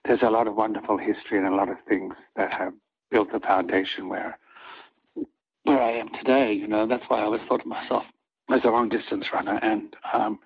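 An older man with a husky voice, a soap opera actor telling rambling anecdotes in an interview and acting out what others said. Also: lowish voice, flat delivery, fairly quick, phone-quality sound. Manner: rambling, acts out quoted lines of others.

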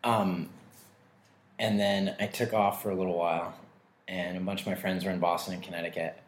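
Male street performer, loose and self-mocking storyteller, slightly low voice, roomy sound. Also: flat delivery, normal speed. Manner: rambling, laughs often, self-deprecating. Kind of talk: casual interview.

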